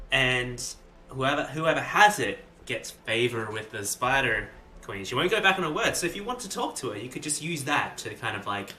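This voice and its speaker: A man's voice: medium pitch, bright, forceful tone, reverberant, slight background noise. A man playing a tabletop game, talking in a rambling way full of fillers and laughter. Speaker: player. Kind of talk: casual tabletop role-play.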